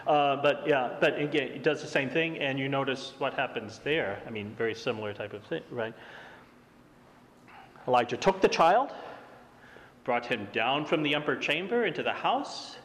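A man preaching an expository sermon, emphatic and animated, often asking his listeners questions. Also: mid-range voice, moderate pace, long reverb tail.

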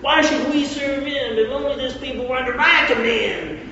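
A man voicing a boastful, swaggering ancient male rebel leader with a put-on Southern US accent and loud, mocking bluster. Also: extremely high pitch, moderate pace, gravelly, pitched above the performer's own voice, exaggerated voice. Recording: echoey hall, far from mic, dull.

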